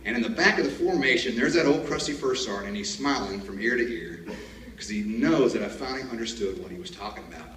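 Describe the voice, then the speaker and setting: A man with a lowish, expressive voice and fairly bright tone talks at a quick pace during a commencement speech, telling folksy army stories and laughing at his own jokes. The large hall echoes, a distant camera captures it, and there's a little hiss or hum.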